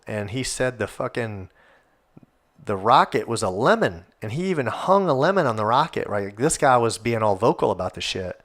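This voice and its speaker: A man hosting a casual solo podcast, rambling and swearing as he gets worked up. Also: lowish voice. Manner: rambling, profane, animated. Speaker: podcast host.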